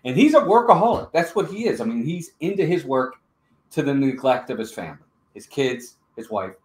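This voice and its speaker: A man's voice: medium pitch, animated, fairly quick, roomy sound. A man co-hosting a live-streamed movie review, chatting and greeting viewers in the chat. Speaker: podcast co-host.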